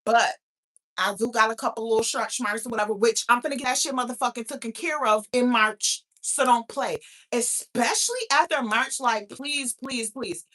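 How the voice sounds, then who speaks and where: Woman, 30s, brash, profane, bright voice, slightly high. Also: moderate pace. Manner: brash, profane, loud and laughing. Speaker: podcast host. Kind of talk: casual chat.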